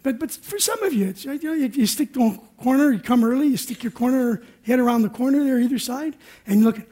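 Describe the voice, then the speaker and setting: A man's voice: very high-pitched, lively intonation, fast, mellow. A man preaching a sermon as pastor, telling a self-deprecating story in a chatty way and acting out his own panic. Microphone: recorded for radio.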